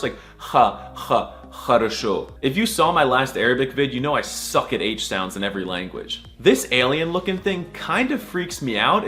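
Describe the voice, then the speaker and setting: Animated young man, comic narration. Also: medium pitch. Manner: mock-serious, crude jokes, silly letter sounds. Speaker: comedic video narrator. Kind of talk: comedic scripted narration.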